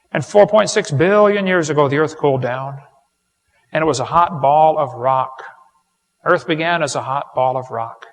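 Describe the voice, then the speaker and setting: A man giving a folksy, joking lecture to a live audience, full of rhetorical questions. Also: a little high. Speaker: creationist seminar speaker. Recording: long hall reverb.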